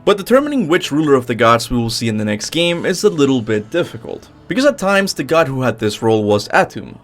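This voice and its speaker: A man's voice: brisk, few pauses. A man hosting a gaming channel, reading a scripted top-ten commentary with upbeat emphasis. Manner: lively, swooping pitch with upbeat emphasis.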